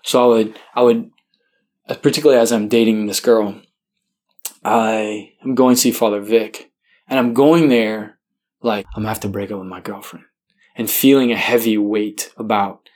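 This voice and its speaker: A man's voice: lowish voice, darkish tone. A man, a priest, telling his own vocation story in a candid, self-deprecating way, chuckling now and then and loose with fillers.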